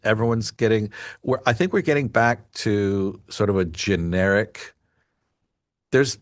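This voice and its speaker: A man's voice: on the low side, unhurried, no room sound, studio quality. A man hosting a podcast, rambling in casual chat with many asides. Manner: rambling, full of fillers and asides. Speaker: podcast host.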